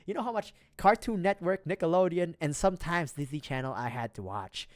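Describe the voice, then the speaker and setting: A man's voice: fairly high pitch, fairly quick, few pauses, no echo, studio quality. Rambling man with a Filipino accent. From Philippines. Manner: rambling, swears freely, laughs often. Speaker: streamer. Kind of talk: casual livestream chat.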